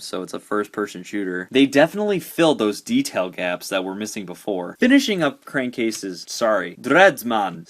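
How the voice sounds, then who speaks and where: A man hosting a casual toy review vlog, excitable and jokey, jumping between loud remarks and mumbled asides. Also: mid-range voice. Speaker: toy reviewer, channel host.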